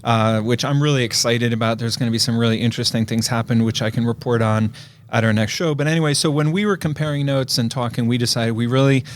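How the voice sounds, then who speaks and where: Male podcast co-host, mid-pitched, chatty and rambling, quick to laugh. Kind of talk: casual chat. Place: podcast studio.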